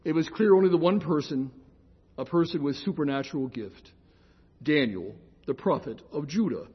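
An older man with a slightly high, husky voice gives an informal lecture, wandering into asides and correcting himself mid-sentence. He slows right down to explain key terms. The recording is muffled and lo-fi. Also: animated. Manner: chatty, digressive, with restarts and self-corrections. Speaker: lecturer on scripture.

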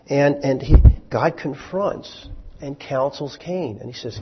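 This preacher's voice sits on the high side, with lively intonation, a somewhat slow pace, and a touch of hiss or hum. He addresses the congregation in a church hall wryly and conversationally, tossing in rhetorical questions and side remarks. Audio is lo-fi and dull, with hall echo.

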